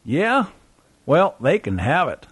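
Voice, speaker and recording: A man's voice: a little high, huge pitch swings, slow, a bit bright, breathy edge, no echo, voice pushed up, heavily acted. A man voicing a restless young male truck driver who talks in a slangy, grumbling way.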